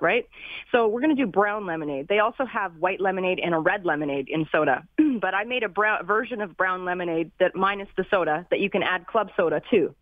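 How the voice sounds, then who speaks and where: A woman's voice: fairly low pitch, no room sound. Upbeat woman chef on a tinny phone line. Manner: upbeat, laughing, explains recipes. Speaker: web chef guest. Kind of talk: radio interview by phone.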